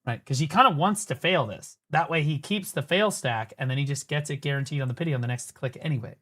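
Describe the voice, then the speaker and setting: A man's voice: a little high, quick pace, a bit bright. Profane, mocking male streamer. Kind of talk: casual livestream commentary.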